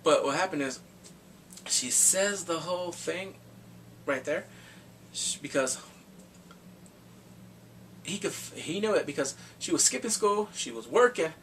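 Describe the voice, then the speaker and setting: A man with a fairly high voice retells a movie's plot in a loose, rambling, excitable way, dropping blunt crude slang as he goes. He sits back from the microphone. A faint background noise runs under his talk. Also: unhurried, pauses often, far from the mic. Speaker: movie reviewer. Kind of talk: casual spoken movie recap.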